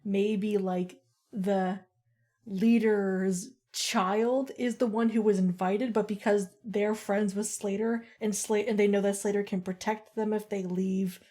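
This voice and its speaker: A woman's voice: mid-range voice, steady tone, slow pace, dark tone. A woman, a player in a tabletop game, rambling through her character's scene with many filler words. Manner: rambling, heavy with "like".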